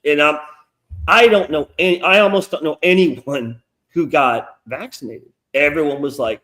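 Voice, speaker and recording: A man's voice: a little high, normal speed, fairly bright tone. A middle-aged man telling stories in a casual, profane interview chat, acting out quoted asides. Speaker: guest comic creator. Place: lives in North Carolina.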